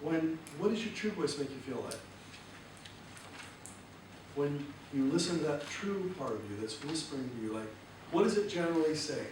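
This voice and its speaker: A man speaking as a motivational seminar speaker in a lively way and asking the audience questions. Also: fairly high pitch, moderate pace, pauses often. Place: large hall with audience. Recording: echoey hall, distant mic, noisy.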